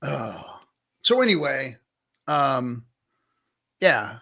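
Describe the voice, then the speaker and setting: Man, crypto show co-host, blunt, swears, lectures, mid pitch. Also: big pitch swings, very slow, vocal fry, pushed and bright. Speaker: podcast co-host. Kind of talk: casual crypto chat.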